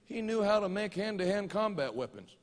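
A man preaching a fervent sermon, moving between quiet storytelling and loud, rousing declarations. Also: sits high, very animated, a little fast. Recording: church hall reverb.

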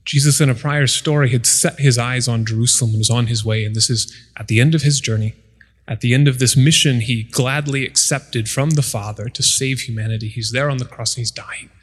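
A man's voice: medium pitch, steady tone, a little fast, breathy edge, in a large hall. A man preaching a sermon, retelling scripture stories and acting out the people in them. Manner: storytelling, acts out voices of the people in the story. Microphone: microphone.

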